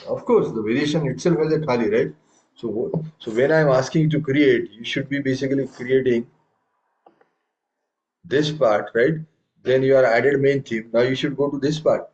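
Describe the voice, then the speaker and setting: A man's voice: medium pitch, fairly even intonation, normal speed, darkish tone, muffled recording. A man teaching a tabla class over a video call, correcting students and reciting rhythm syllables aloud. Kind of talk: online music lesson.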